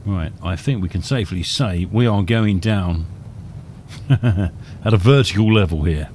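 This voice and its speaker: A man's voice: sits low, measured pace, darkish tone. A man casually commentating his gameplay live as a streamer, chatty and muttering asides to himself. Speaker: game streamer. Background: spaceship engine and vehicle noise.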